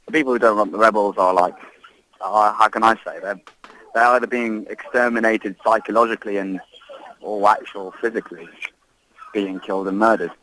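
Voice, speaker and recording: A man, an expat giving an impassioned interview update, halting and repeating himself as he speaks. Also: on the low side, steady tone, pushed and bright, slight background noise, low-quality recording. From Libya. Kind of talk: emotional interview.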